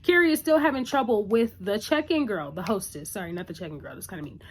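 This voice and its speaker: A woman's voice: medium pitch, lively intonation, fast, breathy edge. A woman recapping a TV episode in a casual, chatty, opinionated way, full of "like" and "you know".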